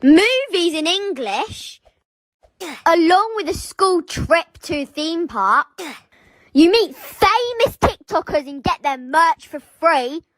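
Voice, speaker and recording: High, expressive woman narrating. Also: slow pace, dry recording. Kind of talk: relatable commentary narration.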